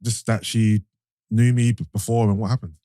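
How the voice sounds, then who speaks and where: A podcast host with a lowish voice at a moderate pace tells a story and teases his co-hosts in casual banter, with lively put-on voices for quotes. There's a little hiss or hum in the recording.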